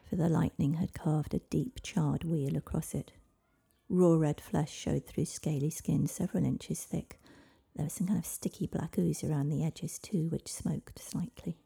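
A woman narrating a storybook in a soft, hushed voice that often drops to a whisper. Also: deep voice, fairly even intonation, unhurried, creaky, slightly rough. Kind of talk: storybook reading.

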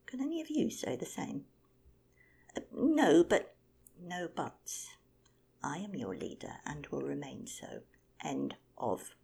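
A woman's voice: sits low, huge pitch swings, takes it slowly, gravelly, pauses often, warm tone, slightly rough, exaggerated voice. A woman voicing an arrogant, self-important male condor, king of the birds, in a whispered storybook reading. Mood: boastful.

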